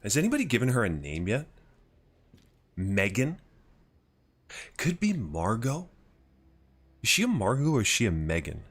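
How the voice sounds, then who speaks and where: A man's voice: medium pitch, wildly swooping pitch, normal speed, long pauses, a bit bright, slightly rough. A man streaming a game live, chatting casually with viewers, swearing freely and rambling through his thoughts. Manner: chats with viewers. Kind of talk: live gameplay commentary.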